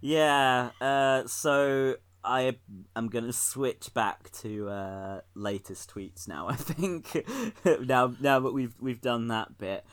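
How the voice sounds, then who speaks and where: A man's voice: medium pitch, takes it slowly, a bit bright, clear, resonant tone. A young man co-hosting a casual political podcast, sardonic and laughing, with frequent restarts. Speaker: podcast co-host.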